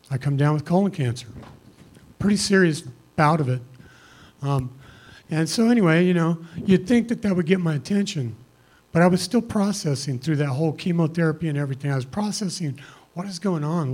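A man's voice: fairly high pitch, lively intonation, normal speed, darkish tone. A middle-aged man speaking plainly and earnestly, giving a personal testimony to a congregation. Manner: earnest, conversational, plain-spoken. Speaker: church member giving testimony.

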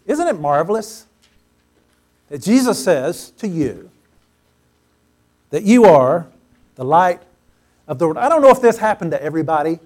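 A pastor with a notably high voice delivers a sermon to his congregation. He leans on repetition, growing loud and emphatic on key phrases before dropping back down. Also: very animated, normal speed, long pauses. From Pacific Northwest US. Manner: emphatic, repeats phrases for stress, swells loud on key words. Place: church sanctuary before a congregation.

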